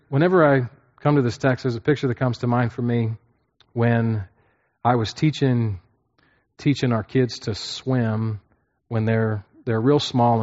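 A man of middle pitch leads a Bible lesson like a sermon. He repeats key points and asks his listeners questions. The recording is dull and lo-fi. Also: darkish tone. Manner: repeats phrases, checks in with listeners. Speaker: pastor teaching a class. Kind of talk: sermon-style Bible teaching.

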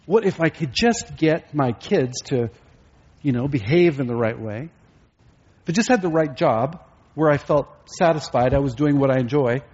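Male pastor, sermon delivery with rhetorical questions, slightly husky, muffled recording. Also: medium pitch, lively intonation, normal speed, darkish tone.

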